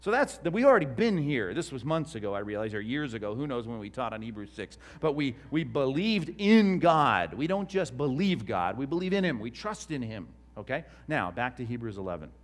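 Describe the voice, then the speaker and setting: A man's voice: medium pitch, expressive, a little fast, hardly any pauses. A man, a pastor giving a conversational teaching sermon to a live congregation and asking them questions. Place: church before a live congregation.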